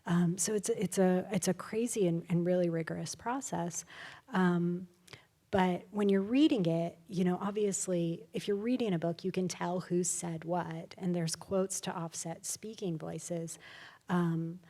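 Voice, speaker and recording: A woman, an author guest at a live event, telling stories in a casual, animated way with many fillers. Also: on the low side, a little slow. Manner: animated, chatty, full of fillers and laughs. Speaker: author guest at a public talk. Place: live event before an audience.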